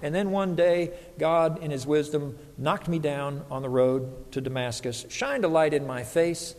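A man's voice: fairly high pitch, a little slow, few pauses, darkish tone. A man preaching a sermon as a pastor, earnest and emphatic, voice lifting when he quotes others. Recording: hall reverb.

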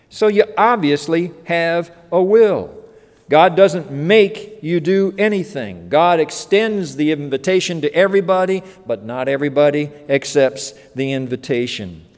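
A man preaching a sermon as pastor, earnest and emphatic, slowing down to stress key phrases. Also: fairly high pitch. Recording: long reverb of a hall.

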